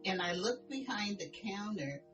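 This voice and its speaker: A woman's voice: mid-range voice, animated, moderate pace. Older woman, laughing rambling storyteller, distant mic. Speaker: podcast co-host. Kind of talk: casual storytelling chat. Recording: voice picked up from a distance over music.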